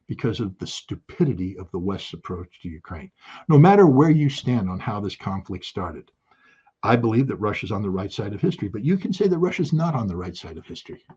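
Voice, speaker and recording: A man giving impassioned spoken commentary, emphatic and forceful, hammering home key phrases by repeating them. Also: fairly low pitch, husky, muffled recording. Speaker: political commentator.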